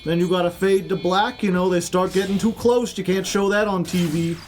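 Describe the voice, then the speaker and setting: High-voiced joking game streamer. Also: male voice, fairly even intonation, normal speed, faint music behind. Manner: rambling, joking, spins silly stories. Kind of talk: casual game commentary.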